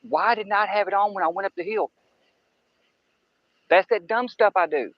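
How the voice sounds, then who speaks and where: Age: adult. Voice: man, fairly high, folksy. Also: moderate pace, no room sound, dull audio. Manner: rambling, folksy, talks to viewers as y'all. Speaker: fishing livestream host. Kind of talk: casual live-stream chat. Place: outdoors on a riverbank by woods at night. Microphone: camera-mounted microphone near water.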